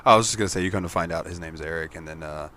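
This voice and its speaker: A man on a casual gaming podcast, relaxed and a bit profane, hesitating with ums as he talks. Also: low-pitched, rapid-fire, a crowd in the background. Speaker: podcast co-host.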